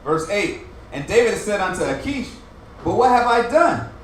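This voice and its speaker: A man with a high voice reads scripture aloud, verse by verse, in a measured and formal way. He now and then stumbles over a word. He sits away from the mic in a very echoey room. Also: very animated, distant mic, a little hiss or hum. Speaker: scripture reader.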